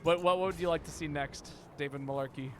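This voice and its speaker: A man's voice: a little high, fairly even intonation, brisk, a little hiss or hum. A man streaming a video game, chatting casually and playfully, often stumbling over repeated words. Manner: playful, stammering word repeats. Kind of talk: casual live-stream chat while gaming.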